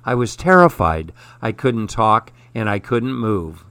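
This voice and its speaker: A man calmly reading a children's storybook aloud. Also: on the low side, a little slow, clear, resonant tone, no room sound. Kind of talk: storybook narration.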